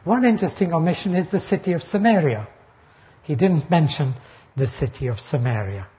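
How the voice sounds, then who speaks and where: Older male preacher, fairly high voice, emphatic verse-by-verse sermon, muffled lo-fi tape. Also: expressive, brisk. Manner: emphatic, rising sharply on quoted taunts. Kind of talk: expository Bible sermon. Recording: dull lo-fi recording.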